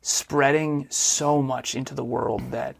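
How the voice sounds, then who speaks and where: Upbeat male co-host with some vocal fry, casual podcast talk. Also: mid-range voice, fairly even intonation, slow pace, a little hiss or hum.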